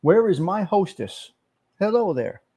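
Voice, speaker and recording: A man hosting a casual livestream, talking loud, profane and fired-up. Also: high voice, sing-song, unhurried, slight background noise. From Italian-American. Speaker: livestream host.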